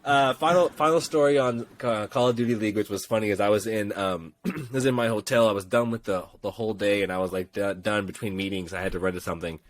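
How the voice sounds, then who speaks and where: A man co-hosting a casual gaming podcast, telling stories and acting out quotes in raised, excited voices. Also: fairly low pitch, quick pace, hardly any pauses. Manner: animated storyteller, acts out quotes in raised voices. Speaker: podcast co-host. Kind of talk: casual chat.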